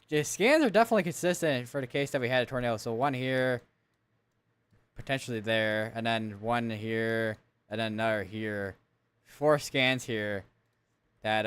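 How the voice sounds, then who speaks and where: A man's voice: on the low side, fairly bright tone, smooth. A man giving live severe weather coverage, reading out storm reports and town lists and correcting himself as he goes. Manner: thinks aloud, reads town lists, corrects himself often.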